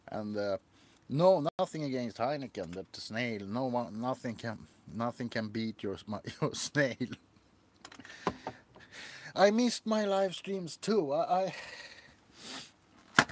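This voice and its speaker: A man's voice: mid-range voice, a little hiss or hum. A man hosting a casual livestream, rambling and laughing often as he shows off his figurines. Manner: giggly, rambling. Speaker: livestream host.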